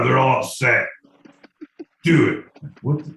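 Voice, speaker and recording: A man's voice: medium pitch, unhurried, pauses often, fairly bright tone, distant mic. A man co-hosting a comedy podcast, riffing in casual banter and mock stand-up bits, swearing freely. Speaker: podcast co-host. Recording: echoey room, off-mic, faint noise.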